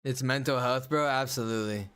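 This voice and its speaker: A man's voice: mid-range voice, fairly quick, fairly bright tone, smooth. A man livestreaming a game and chatting casually, ranting bluntly in slang. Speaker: gaming livestreamer. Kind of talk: casual livestream chat while playing.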